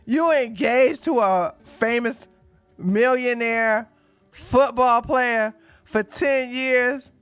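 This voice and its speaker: A woman's voice: fairly high pitch, extremely slow, smooth, soft background music. A woman hosting a commentary show, reacting to a clip with chatty, blunt opinions and laughter. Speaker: commentary host.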